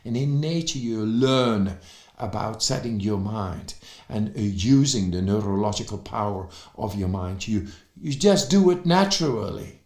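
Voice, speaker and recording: Slow-talking man in an echoey room. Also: fairly low pitch. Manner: excited, halting with fillers and restarts. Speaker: speaker on breathing and cold. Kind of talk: motivational talk.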